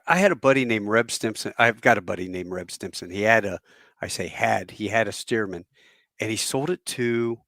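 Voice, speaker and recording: A man's voice: on the low side, no room sound, studio quality. A man in his fifties, a podcast host and former Marine pilot, telling rambling anecdotes and acting out the people he quotes. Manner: rambling, animated storyteller who acts out quotes. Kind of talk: casual chat, anecdotal storytelling.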